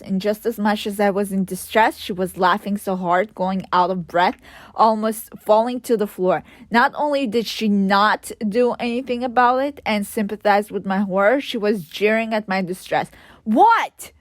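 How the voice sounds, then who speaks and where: A woman's voice: mid-range voice, steady tone, moderate pace, no room sound, studio quality. A woman reading her own memoir aloud, with sarcastic, ranting asides to the reader. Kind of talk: audiobook narration.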